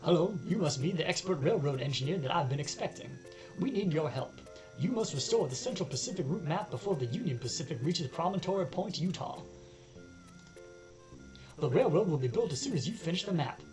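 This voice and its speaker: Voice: mid-range voice, expressive, a little fast, darkish tone, natural voice. A player voicing an old-timey railroad boss in a put-on Southern accent, over game music. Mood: urgent. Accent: put-on American Southern.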